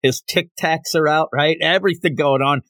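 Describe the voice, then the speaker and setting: A man's voice: fairly high pitch, moderate pace, fairly bright tone, no room sound. A man hosting a podcast in a casual solo recap, chatty and digressive, laughing as he goes and acting out quotes. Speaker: podcast host.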